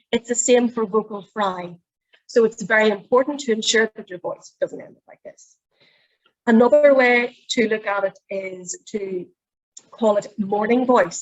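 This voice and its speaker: A middle-aged woman with a Northern Irish accent runs an online presentation skills workshop, her voice on the high side and the sound lo-fi. She's chatty and explanatory, demonstrating voice habits as she teaches.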